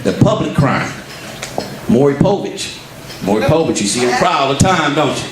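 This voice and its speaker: A man performs a stand-up comedy set and tells his stories in an animated way, slipping into other voices as he goes. He is picked up from a distance in a roomy, echoing venue. The audience can be heard clearly behind him. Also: medium pitch, normal speed. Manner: animated storytelling, acts out voices. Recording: roomy live club sound from far off. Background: crowd laughter.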